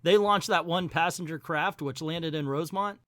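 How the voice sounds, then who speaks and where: Pompous alien commander, booming and theatrical, as a man puts him on; old-school cartoon villain, high and loud. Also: normal speed, no echo, lightly acted. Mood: dismissive. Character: pompous male alien leader, imperious and old-fashioned.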